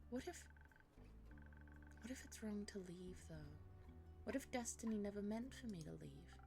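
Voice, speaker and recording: A woman voicing a young female ranger who speaks softly and hesitantly in a cosy tavern role-play. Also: mid-range voice, expressive, normal speed, gravelly, faint music behind. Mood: wistful. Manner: soft, hesitant and yearning.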